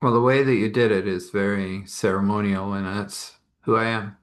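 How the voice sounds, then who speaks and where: A very old, reclusive woman, as a male storyteller puts her on, speaking slowly and softly in a lowish voice. She is ceremonial and curt, answering with plain, matter-of-fact words in this spoken story. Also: fairly even intonation, lightly acted. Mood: calm.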